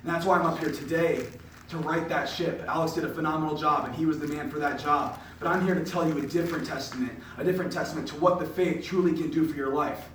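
A young man gives a personal faith testimony to a room of listeners, telling it as an animated storyteller with casual filler words. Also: fairly high pitch, quick pace. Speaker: podcast host giving a faith testimony. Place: indoor room with an audience. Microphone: distant mic. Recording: echoey room, distant mic, faint noise.

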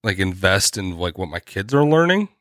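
A man's voice: sits low, big pitch swings, normal speed, fairly bright tone, no echo, studio quality. A man co-hosting a podcast, chatting casually, often stopping and restarting his sentences and laughing mid-thought. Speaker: podcast co-host. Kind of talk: casual chat.

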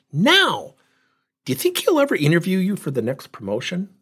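Emphatic, husky man in his fifties. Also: high voice, moderate pace. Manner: emphatic, animated storytelling. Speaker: speaker and coach. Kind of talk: motivational talk.

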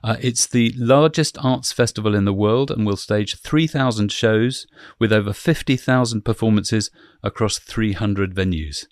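A man's voice: on the low side, normal speed, no echo, studio quality. A man hosting a podcast, chatty and leading the talk with questions. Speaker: podcast host. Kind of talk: casual podcast chat.

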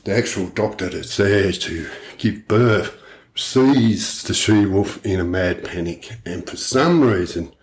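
A podcast co-host with a deep voice tells a story slowly in casual storytelling chat. His retelling is blunt and animated, and he swears heavily as he goes.

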